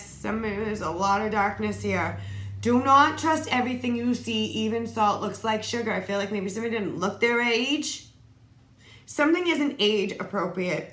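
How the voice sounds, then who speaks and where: A woman's voice: fairly high pitch, a bit bright. A woman giving a solo tarot reading, reading card phrases aloud and adding casual asides. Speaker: tarot reader. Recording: echoey room, faint noise.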